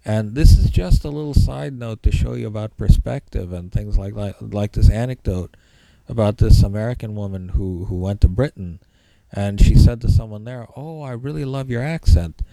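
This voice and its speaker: Dark-voiced man giving a rambling lecture. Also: on the low side, normal speed, gravelly, no room sound, poor audio. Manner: rambling, repeats key points for emphasis. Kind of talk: informal spoken lecture.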